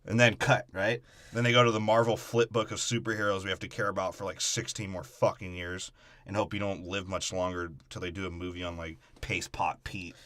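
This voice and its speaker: Guy cracking crude jokes on a podcast, bright voice, lots of swearing, dry close sound. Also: deep voice, flat delivery, a little fast, no echo. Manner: profane, joking, does mocking voices. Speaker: podcast co-host. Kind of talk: crude comedic movie breakdown chat.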